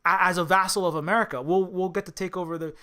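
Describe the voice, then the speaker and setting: A man's voice: high-pitched, steady tone, fast talker, sharp tone. A man voicing a scheming, greedy British oligarch who plots aloud in a musing way.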